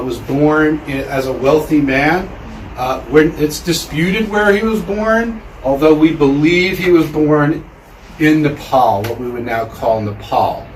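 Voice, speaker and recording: A man with a fairly high voice gives a loose, chatty public lecture to a live audience, using many fillers and often pausing to have listeners repeat words back. He sounds far from the mic in an echoey room, with faint hiss in the background.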